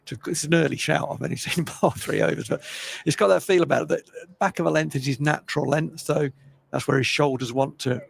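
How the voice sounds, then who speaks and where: An older man giving chatty, opinionated live cricket commentary, with a gravelly voice. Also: medium pitch. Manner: chatty, opinionated, self-deprecating.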